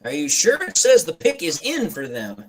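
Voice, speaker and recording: Animated high-voiced man hosting a fan stream. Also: moderate pace, breathy edge, rough recording. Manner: animated, laughing, retells movie scenes. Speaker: fan show host. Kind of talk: casual sports chat on a live stream.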